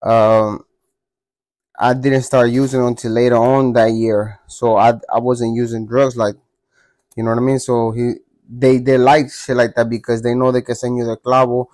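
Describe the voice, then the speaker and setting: A man recounts a story in casual storytelling mode, blunt and full of profane street slang. His voice sits at an ordinary middle pitch. The sound is dry and close. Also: flat delivery, moderate pace, a little mellow, no echo.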